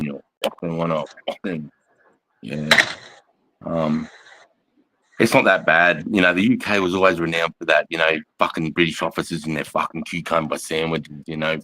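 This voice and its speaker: A middle-aged man with a broad Australian accent and a very low voice, chatting loosely to viewers on a phone livestream. He swears constantly, laughs between lines and calls everyone mate and bro. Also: bright, forceful tone, a little hiss or hum, rough recording. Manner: swearing, laughing, bloke slang, reading out comments. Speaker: livestream host, army veteran. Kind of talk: casual livestream chat.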